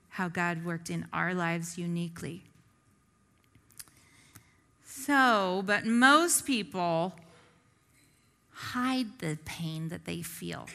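With a sharp tone in her mid-range voice, a woman teaches the Bible conversationally as a long reverb tail trails her words. She asks rhetorical questions of the audience and often checks in by saying "right?".

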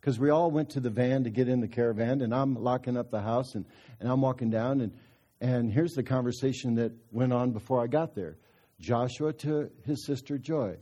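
A man's voice: medium pitch, normal speed, warm tone, highs cut off. A middle-aged man giving a storytelling sermon at a parenting conference, folksy and chuckling through his anecdotes.

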